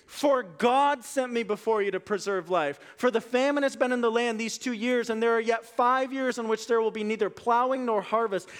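A man with a notably high voice preaches a lively sermon before a congregation and reads scripture aloud. His delivery is casual and conversational. It swings from soft, hushed asides to loud, emphatic peaks. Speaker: pastor. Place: room with a live congregation.

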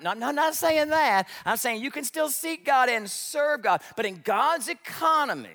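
Guy preaching a sermon, bright tense voice, long echo like a big hall. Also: very high-pitched, moderate pace, few pauses. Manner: animated storytelling, acts out congregants' voices. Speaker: pastor.

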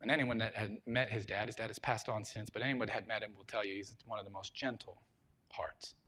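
A middle-aged man preaching a sermon, telling a story and swinging from loud emphasis to a hushed voice. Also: lowish voice, fairly even intonation, fairly quick. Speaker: pastor.

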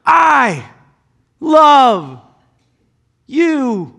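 A man's voice: very high voice, big pitch swings, extremely slow, creaky, sharp tone, pitched above the performer's own voice, exaggerated voice. A man voicing God as a loving figure who pleads with humanity in ringing, impassioned declarations. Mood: pleading. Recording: long hall reverb.

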